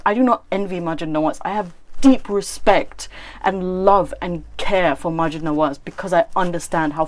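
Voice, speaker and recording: A woman vlogger ranting in angry, profane commentary, filling her talk with "like". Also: medium pitch. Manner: angry, profane, repeats "like" often.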